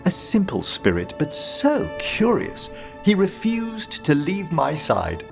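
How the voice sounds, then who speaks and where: A man voicing a posh, theatrical necromancer who fondly recalls a spirit servant in game dialogue, with a lively, gravelly voice. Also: high voice, takes it slowly, music in the background, full character voice. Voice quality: posh, fond and wistful.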